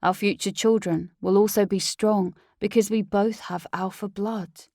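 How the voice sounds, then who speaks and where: A woman voicing a cold, dismissive young male werewolf heir in an audiobook, with a slightly creaky voice. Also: mid-range voice, steady tone, measured pace, darkish tone, dry recording, clean studio sound, close to an everyday voice. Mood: scornful. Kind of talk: audiobook character voice.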